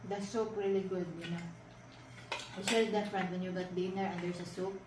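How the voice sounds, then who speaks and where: A woman's voice: on the low side, flat delivery, brisk, background noise. Filipino-accented woman, chatty and insistent. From Philippines. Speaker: vlog host and wife. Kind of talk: casual dinner-table chat. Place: home dining table. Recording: echoey room, mic at a distance, dinner clatter.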